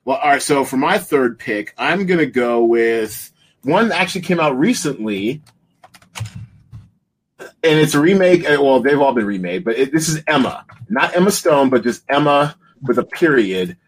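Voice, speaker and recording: A man's voice: mid-range voice, expressive, moderate pace, slightly rough. A man in his forties co-hosting a casual movie podcast, rambling and laughing, trailing off while searching for names. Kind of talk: casual chat about movies.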